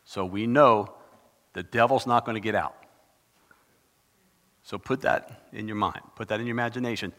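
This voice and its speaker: A man preaching a sermon in a dramatic, conversational way, with sudden bursts of loud emphasis. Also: fairly low pitch, normal speed, pauses often. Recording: long reverb of a large hall.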